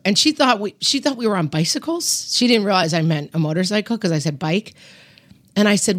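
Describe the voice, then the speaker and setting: A woman guest on a podcast, telling a personal story in a lively way and acting out what people said. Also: lowish voice, a little fast, no room sound, studio quality. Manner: storytelling, animated, acts out quotes. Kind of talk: casual chat.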